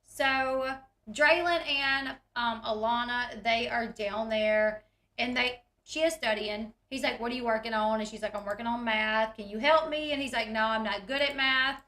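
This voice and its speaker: A woman's voice: fairly high pitch, fairly even intonation, moderate pace, pushed and bright, echoey room. A woman, retelling reality TV scenes in a chatty, giggly way and acting out the quotes. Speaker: recap host. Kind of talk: casual reality TV recap.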